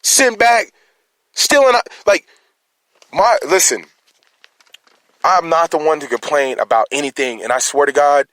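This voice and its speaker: A man's voice: a little high, unhurried, pauses often, fairly bright tone, dry recording. A man speaking as a concerned citizen in an emotional personal monologue, rambling and restarting his words as he challenges his listeners.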